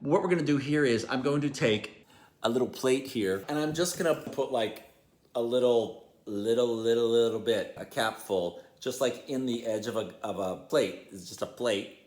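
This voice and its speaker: A man's voice: medium pitch, moderate pace, a little mellow. A man hosting a casual home bartending vlog, chatty and self-deprecating, with playful emphasis. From New York. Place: home bar.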